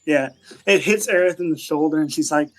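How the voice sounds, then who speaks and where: A woman's voice: low voice, a little fast. A woman narrating as game master in a tabletop game, casual with many fillers.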